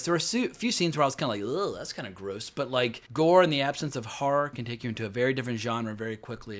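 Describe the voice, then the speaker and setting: A man giving casual box office commentary on films, animated and conversational, with frequent swearing. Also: mid-range voice. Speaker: film commentator.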